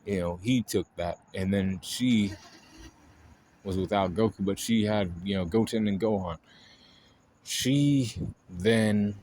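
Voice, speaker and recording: A man's voice: fairly low pitch, slow, pauses often, darkish tone, slight background noise. A man casually rambling through an anime ranking, full of fillers and swearing. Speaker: anime video host. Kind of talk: casual chat.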